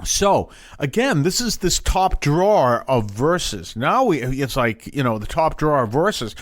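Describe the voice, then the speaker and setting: A man's voice: on the high side, sing-song, measured pace, few pauses, dry recording. Chatty male Bible teacher, dry close sound. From Boston area. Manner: conversational, digressive, with jokey asides.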